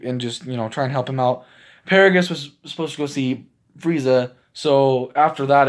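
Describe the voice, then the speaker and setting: A man casually recapping a movie for his channel, rambling with lots of fillers and breaking into laughs as he gets excited. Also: medium pitch. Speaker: movie reviewer.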